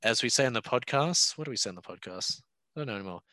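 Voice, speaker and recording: A man's voice: medium pitch, expressive, rapid-fire, bright, forceful tone, no echo. A man hosting a podcast, rambling through casual film chat, laughing and swearing freely. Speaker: podcast host.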